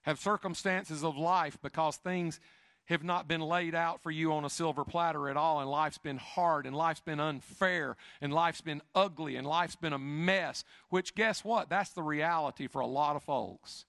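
A male pastor preaching a sermon, building repeated questions to loud emphatic peaks, then dropping to a quiet, confessional low voice. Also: moderate pace, creaky, no echo, clean studio sound. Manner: repetitive, building lists of questions.

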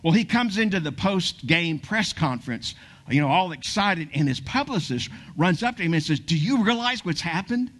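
A man with a fairly high voice preaches a sermon through a lively story. He speeds up and slows down and sometimes falls to a hushed near-whisper to stress a line. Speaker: pastor.

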